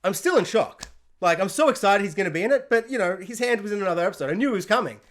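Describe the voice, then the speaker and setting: An excitable man rants to his camera alone in his room, reviewing spoilers with big emphasis. His delivery jumps from loud outbursts down to low, half-muttered asides. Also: racing. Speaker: pop culture reviewer and podcast host. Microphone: camera mic.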